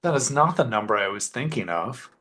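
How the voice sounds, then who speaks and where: A man playing a sly character in a tabletop game, measured as he speaks. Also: medium pitch, big pitch swings, a bit bright. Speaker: player.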